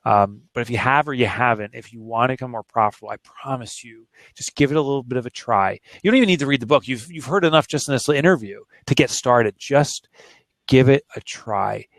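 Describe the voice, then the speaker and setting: A man in his forties tells a candid story from his own life as an interview guest. His voice is mid-pitched and plain, and he speaks with earnest feeling. The recording is dry and close, with no room sound. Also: fairly quick, no room sound. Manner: earnest, emotional, plain-spoken. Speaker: author and guest.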